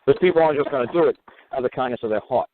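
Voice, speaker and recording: A man's voice: mid-range voice, rapid-fire, slight background noise. A man hosting a radio talk show, rambling and profane, who keeps repeating "you know what". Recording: narrow phone-like radio audio.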